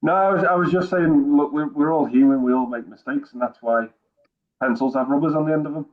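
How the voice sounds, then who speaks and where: A man's voice: fairly high pitch, brisk, phone-quality sound. A man in a casual group chat, easygoing and prone to repeating words.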